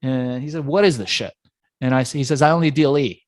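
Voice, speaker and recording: A man's voice: medium pitch, fairly quick, darkish tone, no room sound. A man being interviewed, telling a story from his past with energy and acting out the voices of people in it. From Iran. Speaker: entrepreneur guest.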